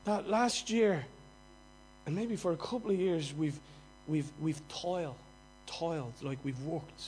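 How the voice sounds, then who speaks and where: A man with a Dublin accent preaching a sermon, moving from quiet, conversational asides to loud, mocking outbursts. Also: fairly high pitch, a little slow, slight background noise, poor audio. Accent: Dublin Irish. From Dublin, Ireland.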